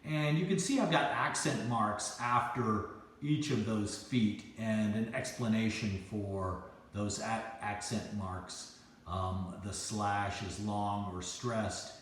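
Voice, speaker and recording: A man's voice: on the low side, reverberant. A man teaching a poetry class in a casual lecture style, hesitant and loose, with many fillers and restarts. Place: classroom with a chalkboard.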